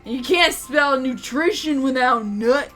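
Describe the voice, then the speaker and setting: Giddy drunk female ranger, tabletop story , a woman puts her on, high-pitched and rambling. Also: slow pace, fairly bright tone, soft background music.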